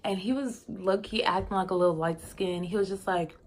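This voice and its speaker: A young woman spins a casual storytime with chatty, expressive energy, tossing in slangy asides and laughing along the way. Her voice sits at a medium, everyday pitch. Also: a little fast. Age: young adult. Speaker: vlogger.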